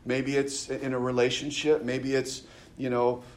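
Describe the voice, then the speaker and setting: A man's voice: medium pitch, monotone, a little slow. Man preaching in a conversational way. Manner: conversational preaching, many restarts and stammered repeats; reads scripture aloud with rising emphasis. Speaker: pastor. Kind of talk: sermon.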